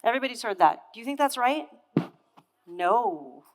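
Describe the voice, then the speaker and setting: Speaking at normal speed in an animated, highish voice, a woman in her thirties gives a motivational keynote on a conference stage. She tells a story with energy and asks the audience questions directly, and the echoey hall produces long reverb.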